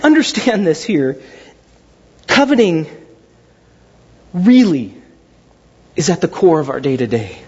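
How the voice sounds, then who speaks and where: A man preaching a sermon with a husky voice, animated and dramatic, acting out quotes in his stories. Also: on the high side, slow, long pauses. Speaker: pastor. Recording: dull sound in a large reverberant hall.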